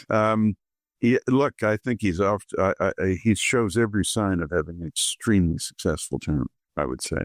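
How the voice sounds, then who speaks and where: A man speaking as a guest author in an interview, giving measured political commentary with frequent restarts. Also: deep voice, no echo, clean studio sound.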